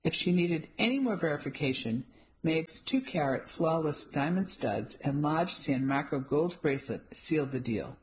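A woman reading a first-person mystery novel aloud in an even, descriptive storytelling manner. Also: sits low, moderate pace, low-quality recording. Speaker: audiobook narrator.

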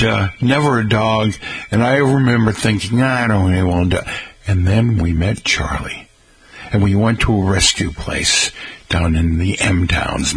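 Folksy gravelly New radio man. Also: lowish voice, fairly bright tone, rough recording. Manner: folksy, rambling, addresses listeners as folks. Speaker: radio host. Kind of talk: casual radio chat.

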